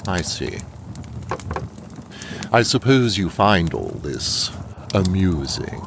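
Indignant old butler, low voice, very lively pitch, radio drama. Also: male voice, slow pace, gravelly, slight background noise, exaggerated voice. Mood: defensive. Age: older. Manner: prim, indignant, flustered. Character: old loyal butler, defensive and touchy.

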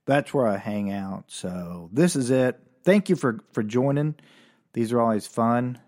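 A man talks through a casual comedic monologue in a loose, rambling way, restarting his sentences often. He pokes fun at himself, and his voice swings widely in pitch. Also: expressive, unhurried, darkish tone. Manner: rambling, self-deprecating, many restarts. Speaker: podcast host.

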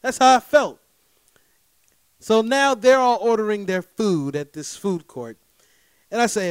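A man tells his audience a personal story a little slowly, in a smooth, casual, animated way. He keeps checking in with them and moves emphatically between loud bursts and quieter asides. The recording is dry.

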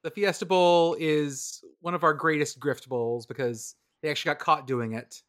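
A man hosts a casual podcast conversation. His voice sits a touch high, and he talks in a playful, deadpan way. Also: moderate pace. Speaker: podcast host. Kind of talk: casual chat.

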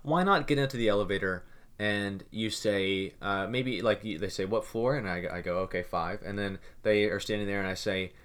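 Man, young adult, low pitch, co-host, casual rambling talk, repeats words. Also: normal speed, a bit bright, smooth. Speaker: podcast co-host. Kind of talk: casual chat.

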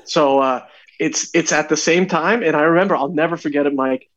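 A man's voice: a little high, brisk, highs cut off. A young man, a podcast guest, telling a story in casual chat and acting out the dialogue as he goes. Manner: animated, acts out dialogue in his stories.

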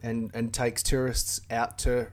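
A man with an Australian accent, a guest on a remote call, chatting casually with laughs and halting restarts. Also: medium pitch, monotone. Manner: laughs often, self-deprecating, halting restarts. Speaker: guest, YouTube channel creator. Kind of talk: casual interview over a call.

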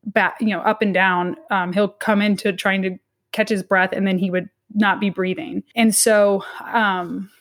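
An academic woman in her thirties, a guest on an interview, relates a personal story in an earnest, faltering manner, often beginning again. Her voice is mid-range and her delivery flat.

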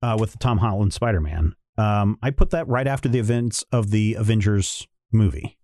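A man's voice: lowish voice, moderate pace, darkish tone, dry recording, clean studio sound. A man hosting a podcast in casual chat, easygoing and teasing. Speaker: podcast host.

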